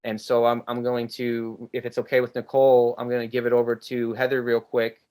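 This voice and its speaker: A man's voice: medium pitch, completely flat delivery, fairly quick, darkish tone. A man hosting a spiritual group ceremony over a video call. He speaks earnestly and reflectively and reads participants' comments aloud. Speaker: ceremony host.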